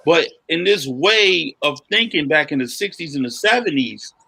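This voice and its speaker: A man's voice: fairly high pitch, lively intonation, normal speed, vocal fry, pushed and bright, husky. A man co-hosting a podcast, telling stories in a casual chat with lots of animation and "you know what I'm saying". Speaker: podcast co-host.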